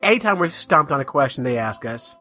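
Husky, giggly male podcast co-host. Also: a little high, big pitch swings, a little fast, bright, forceful tone. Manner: self-deprecating, giggly joking. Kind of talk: casual chat.

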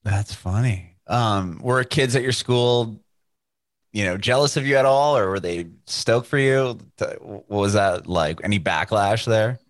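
A man asking relaxed, curious questions as the interviewer in a casual video-call chat. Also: fairly low pitch, measured pace.

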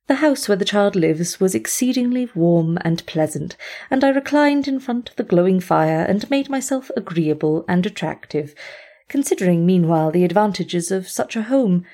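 Brief: woman reader, mid pitch, measured formal storybook narration. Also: dark tone. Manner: measured, formal first-person reading. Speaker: audiobook reader.

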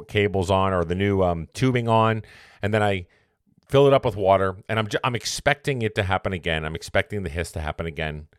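A man tells a long, rambling story on his podcast. He often corrects himself and then lands on a motivational point. His voice sits low, and it is recorded close and dry with no room sound. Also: clean tone, no room sound. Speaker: podcast host. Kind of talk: casual storytelling monologue.

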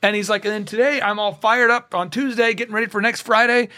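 Man, high voice, studio guest, lively storyteller who does the dialogue himself. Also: fast. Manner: animated storyteller acting out both sides of dialogues. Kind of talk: casual studio conversation.

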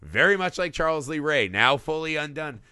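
A man co-hosting a casual movie podcast, talking fast and swearing freely as he breaks down a film. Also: on the high side, smooth, no room sound, clean studio sound. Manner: animated, profane, acts out characters in quick bits. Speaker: podcast co-host.

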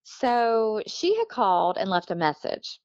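A woman's voice: medium pitch, big pitch swings, unhurried, no room sound, muffled recording. A woman telling a personal story in casual conversation, chatty, often laughing and acting out what others said. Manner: chatty, laughs often, acts out quoted people. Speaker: guest telling her story.

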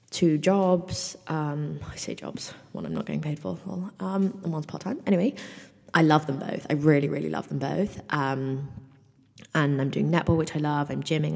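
A woman's voice: sits low, creaky, a little mellow, big-room sound. A woman in her mid-twenties hosting a solo podcast, chatty and rambling, full of "like" and casual swearing. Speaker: podcast host. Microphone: microphone, in front of a mirror.

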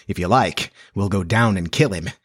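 A man voicing a bold, boastful boy leader in a storybook reading, brisk and sharp. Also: low voice, husky.

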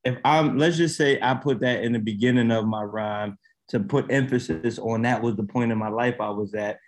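A man's voice: medium pitch, moderate pace, slight background noise. A man co-hosting a podcast in casual chat, challenging others with pointed questions. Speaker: podcast co-host.

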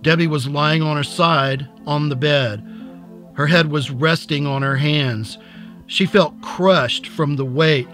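A man narrating a story in an even, unhurried reading voice. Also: a little high. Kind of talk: audiobook reading.

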